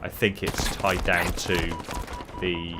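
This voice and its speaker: A man's voice: sits low, little pitch movement, slow. A man streaming a video game, chatting casually to viewers with lots of fillers while he plays. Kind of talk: casual gaming commentary. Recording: game gunfire noise behind voice. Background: game gunfire and sound effects.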